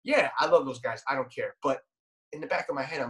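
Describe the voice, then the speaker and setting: A man's voice: medium pitch, fast talker. A young adult man guesting on a casual podcast, rambling and restarting his sentences, swearing freely.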